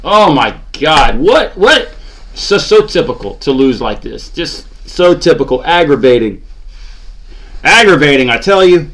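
Guy ranting after a loss, kinda high voice, groans a lot, sarcastic. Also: very animated, unhurried, a bit bright. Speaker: sports channel host. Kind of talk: ranting fan commentary.

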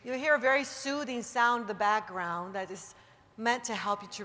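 A woman giving a motivational seminar talk to an audience, emphatic and rallying, easing into a slow guided relaxation. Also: fairly high pitch, loud music behind the voice. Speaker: motivational speaker. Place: large seminar hall. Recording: reverberant hall recording.

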